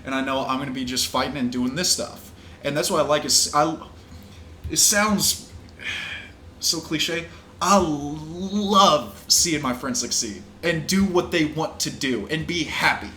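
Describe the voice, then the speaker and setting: A man's voice: a little high, measured pace, pushed and bright, slight background noise. A young man, hosting a casual podcast, talking loosely with frequent swearing and easy laughs. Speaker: podcast host and pro fighter. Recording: echoey room with faint ambience.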